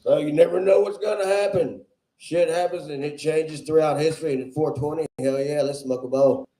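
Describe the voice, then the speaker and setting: Dude doing raunchy standup, cracks himself up, echoey club. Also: male voice, a little high, fairly even intonation, brisk. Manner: loud, crude, laughs at own jokes. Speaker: stand-up comedian. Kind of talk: crude stand-up set. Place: comedy club stage. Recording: roomy club echo.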